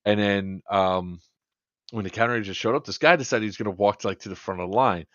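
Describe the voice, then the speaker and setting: A podcast co-host spins a long, funny story in a casual chat, animatedly quoting people back and forth in dialogue. His voice is on the low side and quick-paced, on a dry recording with dull audio.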